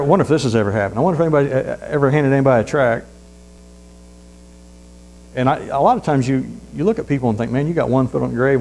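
Gravelly preacher, folksy storytelling. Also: male voice, mid-range voice, low-quality recording. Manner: folksy storytelling, rising loud on points then dropping to hushed asides. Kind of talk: sermon. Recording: faint mains hum.

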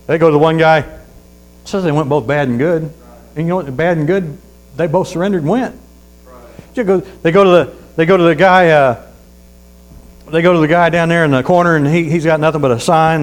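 A man's voice: on the high side, poor audio. A man preaching a sermon in a folksy storytelling way, reading scripture aloud and dropping in amens. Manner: reads scripture aloud slowly.

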